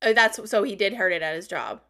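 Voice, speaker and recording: A woman's voice: medium pitch, animated, a little fast, sharp tone. A woman co-hosting a podcast, reacting with amusement and asking questions in casual chat. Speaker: podcast co-host.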